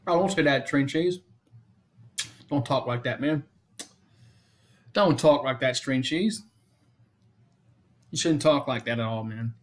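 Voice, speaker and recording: Hosting a fan live stream, a man gives casual play-by-play at a slow pace with frequent pauses. He repeats the count and score often and chats to viewers between pitches.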